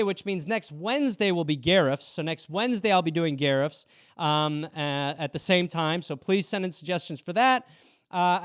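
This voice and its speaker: A man with a high-pitched, smooth voice hosts a casual solo show, riffing loosely on viewer suggestions in a rambling, self-mocking way. The sound is clean, like a studio, with no echo.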